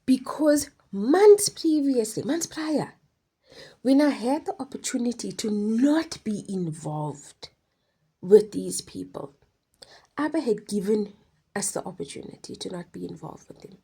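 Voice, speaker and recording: A woman speaks in a husky, dark voice while sharing a personal faith testimony. She talks with passion, sinking into soft whispers and then landing heavy emphasis on key words. Her low voice carries a gravelly edge. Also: lively intonation, a little slow. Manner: passionate, emphatic, swings between hushed whispers and forceful stresses.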